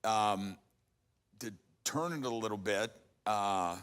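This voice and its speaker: A man with a low voice hosts the interview as a pastor. He answers the guest with short exclamations and puts his own questions in a long, rambling way. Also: slow, fairly bright tone, smooth. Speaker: pastor and host. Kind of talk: interview hosting.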